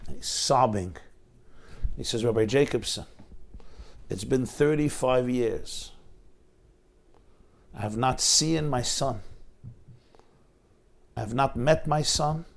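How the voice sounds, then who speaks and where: A middle-aged rabbi delivers a sermon as a heartfelt story, his voice carrying a gravelly edge. He acts out the dialogue, climbing to dramatic peaks and dropping to quiet lows, at a pitch typical for a man. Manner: dramatic, retells dialogue with rising intensity. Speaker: rabbi lecturer.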